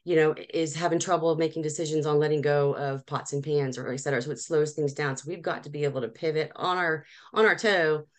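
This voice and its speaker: A woman's voice: low-pitched, fairly even intonation, a little fast, few pauses. A woman in her forties, a professional organizer, telling her story in a casual interview with frequent laughs and restarts.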